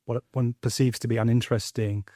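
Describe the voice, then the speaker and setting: Fast-talking male interviewer, dark voice. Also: mid-range voice, little pitch movement, dry recording. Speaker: interviewer and host. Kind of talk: conversational talk.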